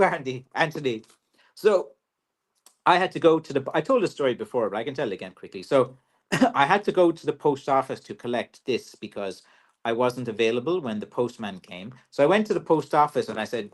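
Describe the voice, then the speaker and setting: Joking Irish stick maker. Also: male voice, mid-range voice, animated, normal speed, a bit bright. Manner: chatty, joking, loose with fillers. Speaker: walking stick maker and livestream host. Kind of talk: casual livestream Q&A.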